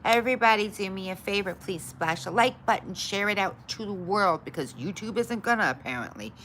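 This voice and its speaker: A woman's voice: lively intonation, brisk, a little hiss or hum. Frustrated woman livestreaming, grumbling. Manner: frustrated, grumbling at her tech; switches to bright, high greetings for viewers. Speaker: livestream host. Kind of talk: casual livestream chat.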